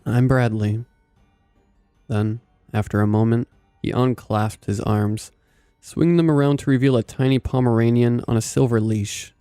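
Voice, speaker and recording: A man narrating a scripted first-person story in a measured, even way. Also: mid-range voice, clear, resonant tone, dry recording, soft background music.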